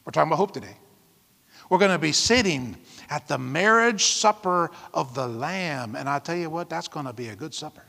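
A man's voice: a little high, expressive, brisk, gravelly, bright, forceful tone, long reverb tail. A man preaching a sermon as pastor, reading scripture aloud and breaking into whoops and laughter. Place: church.

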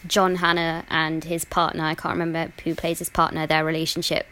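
A woman speaking as a podcast guest in a thoughtful, measured way. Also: low-pitched, monotone, bright, forceful tone. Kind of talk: casual chat.

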